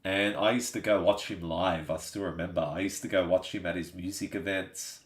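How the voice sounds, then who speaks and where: An Australian man hosts a live stream and chats casually with his viewers. His voice sits low, and he keeps asking "you know what I mean?" The room around him is echoey. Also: steady tone, normal speed. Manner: chatty, laid-back, says "you know what I mean" often.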